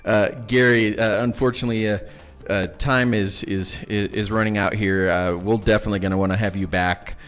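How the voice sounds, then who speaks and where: A man hosting a podcast interview, speaking earnestly with halting phrases and many fillers. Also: fairly low pitch, steady tone, fairly bright tone, clean tone. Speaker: podcast host. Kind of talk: casual interview talk.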